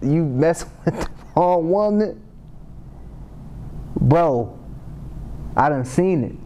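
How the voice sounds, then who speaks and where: A man's voice: fairly high pitch, expressive, drawn-out words, mellow, a little hiss or hum. A man leading a casual Bible study, reading scripture aloud and riffing on it in a slangy, conversational way. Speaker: Bible class teacher. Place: Sabbath class meeting room.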